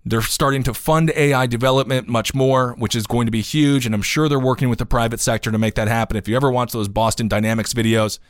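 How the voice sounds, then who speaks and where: A man's voice: medium pitch, fast, few pauses, no echo, studio quality. A man hosting a podcast, giving casual news commentary with sarcastic asides and growing indignation. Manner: animated, sarcastic, gets indignant. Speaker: podcast host.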